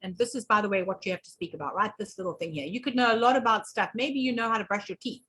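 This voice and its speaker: A woman's voice: mid-range voice, quick pace, fairly bright tone, rough recording. A middle-aged woman, a public speaking coach, teaching a live workshop with emphatic, repeated questions.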